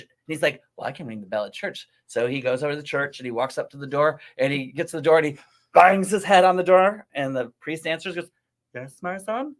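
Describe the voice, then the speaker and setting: A man's voice: fairly high pitch, fairly quick. Chatty man telling a silly joke. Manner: chatty storyteller, many fillers and restarts. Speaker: makeup artist guest. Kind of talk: casual chat.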